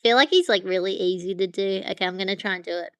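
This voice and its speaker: A woman streams live from her phone, chatting to viewers in a loose, rambling way. Her voice is bright and crisp. The sound is close and dry. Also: medium pitch, quick pace, no echo. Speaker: livestream host. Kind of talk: casual livestream chat with viewers.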